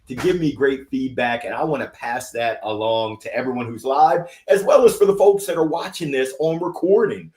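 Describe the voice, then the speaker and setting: Man in his 40s, upbeat motivational host, hype delivery, a bit high-pitched, roomy echo. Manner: energetic, hype, lively call-outs. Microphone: livestream setup.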